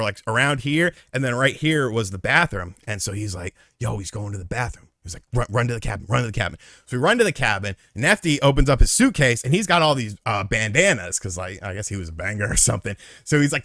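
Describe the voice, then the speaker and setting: A man around thirty telling a story casually, acting out the quotes with big jumps in loudness and swearing freely. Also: no echo, clean studio sound. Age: late 20s or 30s. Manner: animated, acts out quotes with big swings in pitch and volume, swears freely.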